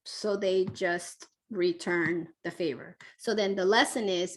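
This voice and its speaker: On a live online Q&A, a parenting expert reads questions out and gives casual advice, coaching warmly with plenty of fillers. Her voice sits on the low side with a steady tone, and she takes things slowly yet hardly pauses.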